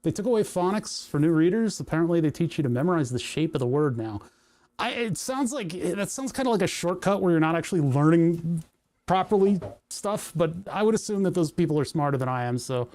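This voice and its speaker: A man with a fairly high voice chats through a hardware project on a livestream. He rambles, talks to himself, reads chat aloud and jokes at his own expense. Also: lively intonation, brisk, darkish tone. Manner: rambling, self-mocking, thinks aloud. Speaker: livestream host. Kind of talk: casual live coding chat. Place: home workshop.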